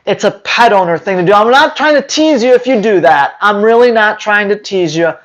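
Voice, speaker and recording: A man's voice: sits high, lively intonation, brisk, fairly bright tone, low-quality recording. A dog trainer talking to his viewers in a casual, sarcastic rant, with emphatic, rambling delivery. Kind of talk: casual opinion rant to camera.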